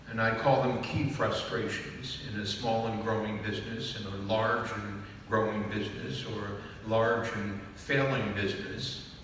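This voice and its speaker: With a medium-pitched, fairly bright voice, a man who writes business books lectures a live audience, repeating key phrases and frequently checking "do you understand?" The hall is echoey, the mic distant, and there's a little hiss or hum.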